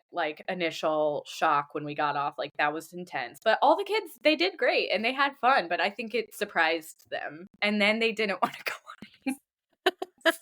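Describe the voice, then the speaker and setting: In a relaxed podcast conversation, this thirtysomething co-host recounts a lively story, slipping into impressions of other people. Her voice is medium in pitch.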